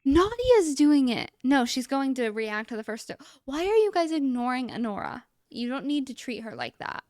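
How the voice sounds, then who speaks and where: A woman's voice: high-pitched, huge pitch swings, normal speed, darkish tone, dry recording, clean studio sound. A young woman hosting a casual gameplay commentary, chatty and amused, talking to the game characters as she plays. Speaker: let's-play host.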